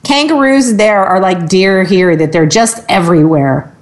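A woman's voice: mid-range voice, measured pace. A woman co-hosting a radio talk show, teasing and dry in her remarks. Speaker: radio co-host. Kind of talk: casual radio chat.

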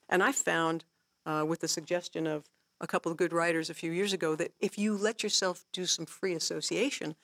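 A woman guest teaching songwriting in a casual workshop talk, animated and laughing often, acting out her own inner thoughts as she tells stories. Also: on the low side, gravelly, no room sound. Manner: laughs often while explaining.

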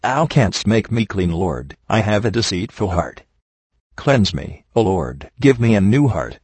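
Low, husky man reading a sermon. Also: measured pace, no echo. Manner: steady, earnest preaching cadence. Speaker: reader of a sermon. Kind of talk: read-aloud sermon.

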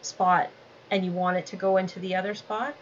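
A woman's voice: lowish voice, level tone, brisk. Encouraging woman interviewer, dull audio. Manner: encouraging, thoughtful, asks long questions. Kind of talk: casual interview conversation. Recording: slightly dull audio with faint background noise.

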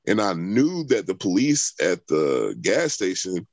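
A man's voice: sits low, sing-song, a little slow, dry recording. A young adult man telling a long personal story in conversation, rambling with many fillers and restarts. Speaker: interviewee.

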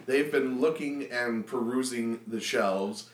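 A man's voice: mid-range voice, slow, echoey room, far from the mic. A man narrating playfully as the game master of a tabletop game.

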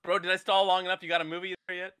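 A man with a high, bright voice riffs through a made-up movie plot for his co-hosts. He rambles playfully and keeps stopping to restart his sentences, all in a loose improvised comedy pitch. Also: level tone, racing, smooth. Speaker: comedy podcast co-host.

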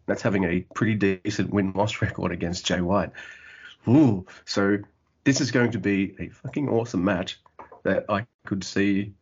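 A man's voice: lowish voice, slightly rough, muffled recording. A man from Australia with an Australian accent, co-hosting a casual podcast chat, laughing often and swearing freely. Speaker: podcast co-host.

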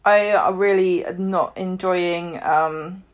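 A woman co-hosting a podcast in casual chat, telling stories animatedly with laughs and loud acted quotes. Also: on the low side, steady tone, slow pace. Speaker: podcast co-host.

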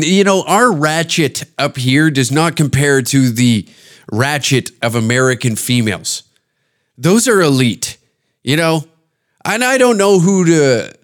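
A man, a podcast host and stand-up comedian, riffing in a profane, rambling, jokey comedic monologue. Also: mid-range voice. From Canada.

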